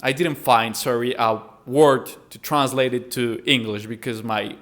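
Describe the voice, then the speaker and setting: A man's voice: mid-range voice, steady tone, unhurried, fairly bright tone. A man whose first language is Spanish gives casual instructional talk on public speaking, addressing the viewer directly and often correcting himself. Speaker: self-improvement vlogger teaching public speaking.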